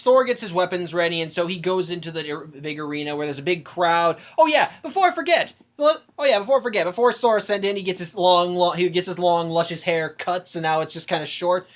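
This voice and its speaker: Rambling young man with a high voice. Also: expressive, a little fast, few pauses, fairly bright tone. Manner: rambling, many restarts and self-corrections. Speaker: film recapper. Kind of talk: casual movie recap.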